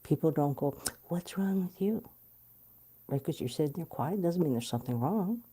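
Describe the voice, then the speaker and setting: Woman, middle-aged, very dark mellow tone, low pitch, candid interview storytelling. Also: moderate pace, slightly rough. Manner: animated and blunt, swearing freely.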